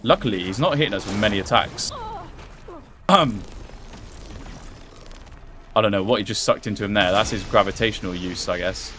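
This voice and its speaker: A man giving excitable, swear-laden live gameplay commentary, talking to himself and to the game character as he fights. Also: fairly low pitch, normal speed, pauses often, slight background noise. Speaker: gameplay streamer.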